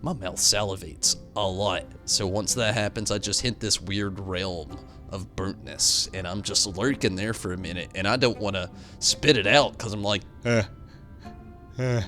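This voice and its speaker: A young man streaming a game, rambling through animated stories and chatting with viewers at a desk mic. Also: sits low, normal speed, faint music behind. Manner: rambling, animated storytelling with swings into loud outbursts; reads out and answers viewer chat. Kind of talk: casual live-stream commentary.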